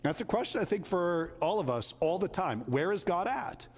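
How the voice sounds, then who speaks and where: A male pastor delivers a sermon, telling stories conversationally and acting out the quotes. His high voice swings widely in pitch at a moderate pace. The recording carries the sound of a large room.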